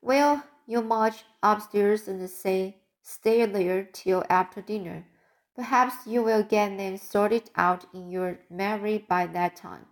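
A woman's voice: mid-range voice, slow. A woman reading as a stern older guardian. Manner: stern, commanding.

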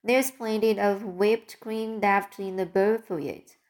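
A strict older woman gives clipped commands in a storybook reading, as a woman reader puts her on. The tone is firm and unhurried, with a middle pitch. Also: fairly even intonation, a little mellow, lightly acted. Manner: stern, commanding.

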